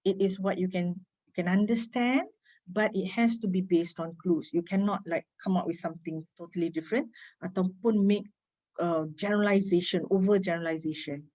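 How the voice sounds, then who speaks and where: A woman with a Malaysian English accent giving an informal reading-skills lecture, chatty, asking her listeners quick tag questions and laughing lightly between points. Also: fairly low pitch, fairly even intonation, a little mellow, rough recording. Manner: chatty, code-switching, asks rhetorical tag questions. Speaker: reading workshop speaker.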